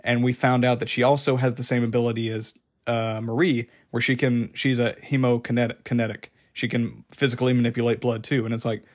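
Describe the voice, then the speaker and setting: A man's voice: medium pitch, flat delivery, brisk. A man giving a casual, unscripted review of a TV season, rambling with many fillers and restarts. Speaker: show reviewer.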